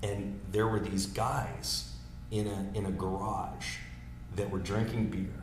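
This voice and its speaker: A man in his thirties, a political strategist, telling campaign stories in casual, animated talk with many restarts. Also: deep voice, takes it slowly. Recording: echoey room with faint noise.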